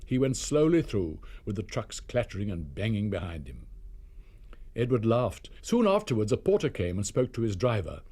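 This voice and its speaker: A man reading a children's railway story aloud as narrator, expressive and measured. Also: lowish voice, slightly rough.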